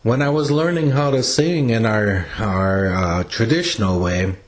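Older male elder, slow reflective storyteller, plain and unhurried. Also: fairly low pitch. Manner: unhurried, plain-spoken, with pauses and restarts. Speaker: elder sharing teachings.

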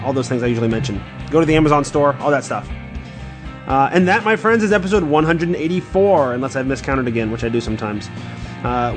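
A man hosting a casual podcast, upbeat and chatty as he runs through contact details. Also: fairly high pitch. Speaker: podcast host.

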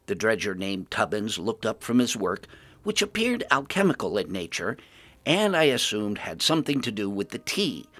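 Expressive male fantasy storyteller. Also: fairly low pitch, normal speed. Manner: lively, expressive narration.

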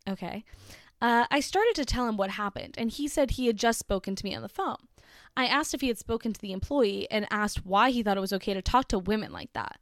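A woman's voice: medium pitch, a little fast, no room sound, clean studio sound. A woman from Massachusetts telling a story in a chatty, sarcastic way with lots of fillers, reading out a post and reacting to it. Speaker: commentator reading a social media post. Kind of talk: casual storytime commentary.

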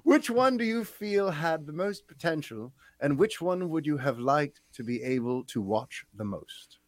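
A man doing a rough British accent to read out a listener's question. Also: fairly high pitch, lively intonation, a little slow, dry recording. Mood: reading aloud. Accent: British, imitated.

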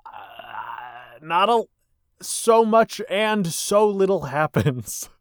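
A man's voice: high-pitched, big pitch swings, extremely slow, vocal fry, dry recording, clean studio sound. A man co-hosting a casual comedy podcast, joking and laughing often as he talks. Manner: jokey, laughs often while talking. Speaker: podcast co-host.

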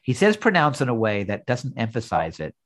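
A man's voice: medium pitch, wildly swooping pitch, fairly quick. A man co-hosting a podcast in casual chat, musing and nitpicky. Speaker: podcast co-host.

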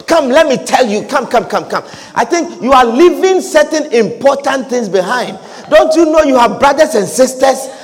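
A preacher acts out a high-voiced, indignant male disciple who scolds his teacher in a lively, swooping voice. The scolding rings out through a long echoing hall. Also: normal speed, few pauses. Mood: pleading. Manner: pleading then indignant rebuke.

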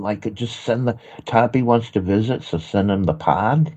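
An American man guesting on a podcast, acting in an improvised comedy sketch with an anxious, expressive delivery. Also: on the low side, moderate pace, slightly rough, highs cut off.

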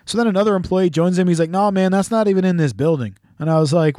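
A man's voice: on the high side, animated, fast talker, hardly any pauses, darkish tone, no room sound, clean studio sound. A man hosting a casual chat, telling a rambling, profane, jokey story. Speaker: podcast host.

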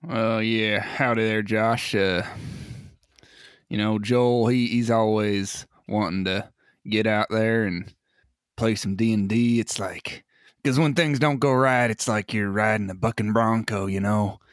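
A man's voice: fairly low pitch, fairly even intonation, unhurried, clear, resonant tone, dry recording, clean studio sound, lightly acted. A man playing a folksy, rambling cowboy in improvised banter. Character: folksy male cowboy, drawling and hearty. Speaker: player.

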